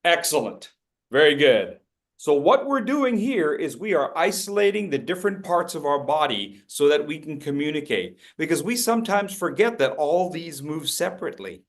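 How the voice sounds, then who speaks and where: Over a video call, a man runs an interactive public speaking workshop, his voice sitting a little high. He coaches participants by name and acts out gestures using playful voices.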